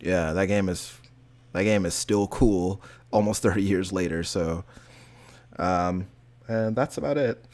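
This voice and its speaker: A man's voice: low voice, a little slow, pauses often, darkish tone. A man co-hosting a podcast, chatting casually about video games and rambling with lots of filler words. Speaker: podcast co-host.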